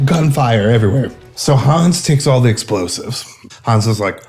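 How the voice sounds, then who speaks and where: A man narrating a drunk retelling of an action movie, rambling and giggling, slipping into quick silly character voices. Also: mid-range voice, very animated, darkish tone, soft background music.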